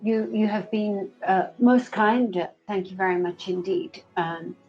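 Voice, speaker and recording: A woman taking her turn in a tabletop game, speaking slowly and haltingly. Her mic sounds dull and lo-fi. Faint music plays behind. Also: medium pitch, darkish tone. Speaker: player.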